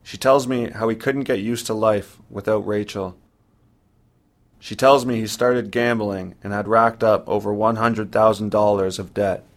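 Slow, low-voiced man reading a sombre story. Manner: measured, sombre present-tense narration. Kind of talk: first-person story reading.

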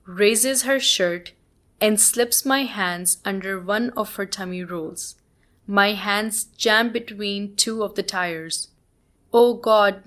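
A woman reading her own first-person story aloud in a plain, measured way. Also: mid-range voice, a bit bright.

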